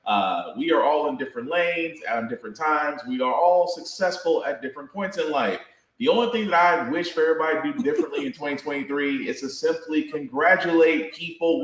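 A man talking casually as a podcast guest, animated and joking, plugging his shows and giving advice. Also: fairly high pitch, roomy sound, rough recording. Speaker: podcast guest and wrestling columnist.

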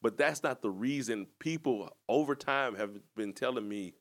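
A man's voice: mid-range voice, normal speed, fairly bright tone. A man co-hosting a podcast, telling his story in a casual, rambling, reflective way. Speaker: podcast co-host and coach.

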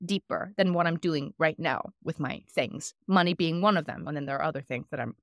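A woman's voice: low-pitched, dry recording, clean studio sound. A woman co-hosting a podcast in casual chat, reflective, quoting her own thoughts aloud. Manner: reflective, quick-spoken, drops into quoted self-talk. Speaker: podcast co-host.

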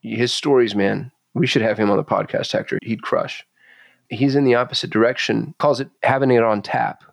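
A man's voice: mid-range voice, normal speed, creaky. A man speaks candidly as a podcast guest, intense and confessional, swearing freely. His voice sits in a middle register, and the sound is dry and close with no room echo. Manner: intense, swearing, confessional, animated when retelling. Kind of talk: candid conversational storytelling. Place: Phoenix.

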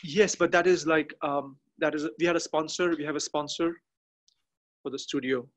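A man chatting as a podcast guest from a garden outdoors, halting and often restarting as he searches for words. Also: a little high, fairly even intonation. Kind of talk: casual interview chat.

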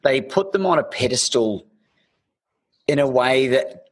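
A man hosting a podcast, his voice slightly husky and breathy. He rambles through his stories with plenty of restarts and the odd swear word. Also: mid-range voice, animated, unhurried. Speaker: podcast host. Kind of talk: casual interview chat.

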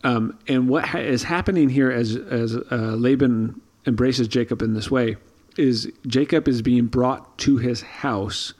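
A man's voice: medium pitch, unhurried, few pauses, a little mellow. A man co-hosting a casual Bible study podcast, explaining thoughtfully with frequent ums and restarts. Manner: thoughtful, many fillers and restarts. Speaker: podcast co-host.

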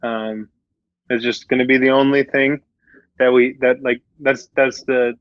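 A man's voice: mid-range voice, little pitch movement, a little slow, no room sound, muffled recording. A man musing in a casual chat, hesitant and full of fillers. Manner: hesitant, lots of fillers and restarts.

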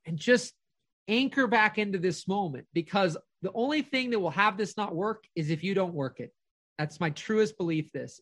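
A middle-aged man earnestly affirms a caller during a motivational coaching call, speaking in firm declarations. His voice is high-pitched and fairly bright, with no room sound.

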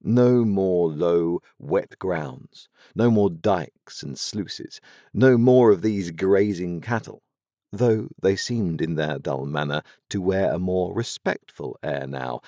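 A male audiobook narrator with a low voice reads a classic novel in measured, unhurried storytelling. His delivery rises and falls with strong, expressive shifts in pitch. The recording is close and dry, with no room sound. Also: no room sound.

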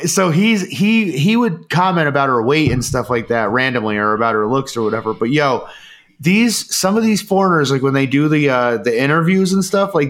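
A man in casual chat, telling a story with lots of swearing and acting out what people said. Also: a little high. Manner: animated storyteller, swears freely, acts out people's lines.

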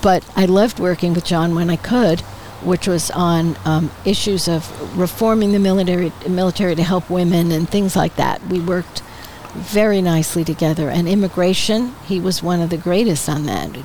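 An older woman, a retired politician, chatting as a guest in an interview on an outdoor patio, telling stories with animated quoted voices and frequent laughs. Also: lowish voice, moderate pace, hardly any pauses, a little hiss or hum, rough recording. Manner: lively storyteller, acts out quoted voices, laughs often. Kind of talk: casual interview chat.

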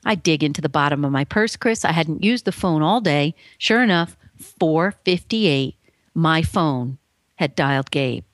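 A woman guest telling her story on an interview show, earnest and emphatic, acting out the voices she quotes with big pitch swings. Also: animated, unhurried, dry recording. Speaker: guest author. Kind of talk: animated personal storytelling.

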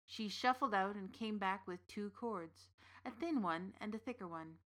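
An old witch telling a dark folktale, measured and deliberate, in a mid-pitched voice, as an actress voices her. Her storytelling is unhurried and knowing. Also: natural voice. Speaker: narrator. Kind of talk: scripted storytelling narration.

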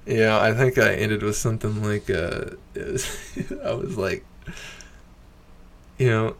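A man's voice: on the low side, takes it slowly, long pauses. A man telling a bar story in a casual, rambling way. He swears often, fills his talk with "you know" and "like", and laughs as he goes. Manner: profane and rambling, full of fillers; animated, laughing while he recounts. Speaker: amateur stand-up comic.

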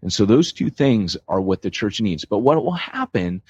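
A man's voice: on the low side, normal speed, breathy edge, no room sound, dull audio. An American man co-hosting a church planting podcast, talking casually and joking as he explains his point. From United States. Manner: animated, joking, restarts a lot.

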